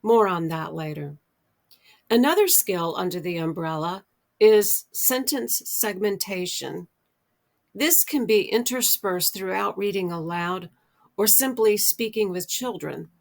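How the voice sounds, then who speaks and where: A middle-aged American woman explaining early literacy skills, speaking deliberately and drawing out her example words. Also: medium pitch, vocal fry. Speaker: literacy educator. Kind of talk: instructional explainer.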